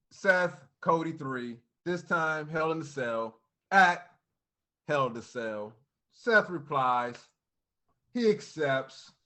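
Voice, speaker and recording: A man co-hosting a wrestling podcast, recapping the show in casual, animated chat and acting out quotes. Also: on the high side. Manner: animated storytelling with laughs and quoted voices.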